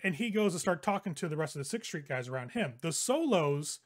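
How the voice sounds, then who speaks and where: A man running a tabletop role-playing game, narrating the scene in a loose, rambling way with fillers. His voice sits somewhat high for a man. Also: sing-song, a little fast. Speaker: game master.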